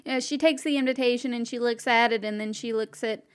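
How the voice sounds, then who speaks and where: A woman narrating a tabletop game as game master, unhurried and with many fillers. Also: on the high side, fairly even intonation, clear, resonant tone.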